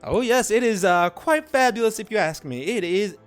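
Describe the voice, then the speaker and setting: A man voicing a flamboyant male arena promoter with a high, drawling showman voice. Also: lively intonation, moderate pace, soft background music. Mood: boastful.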